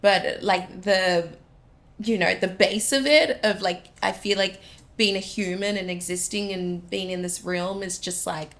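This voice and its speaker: A woman's voice: medium pitch, steady tone, unhurried. A woman hosting a podcast, speaking reflectively and searching for words in casual conversation. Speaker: podcast host.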